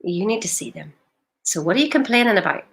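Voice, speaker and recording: A woman's voice: mid-range voice, animated, quick pace, vocal fry. A woman, a life coach talking directly to a live-stream audience in an emphatic, questioning way.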